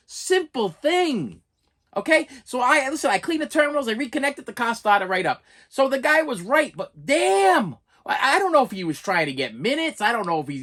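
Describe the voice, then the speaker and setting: A man's voice: very high-pitched, bright, forceful tone. A man ranting on a vlog, exasperated and stammering with repeated words. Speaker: YouTube reviewer.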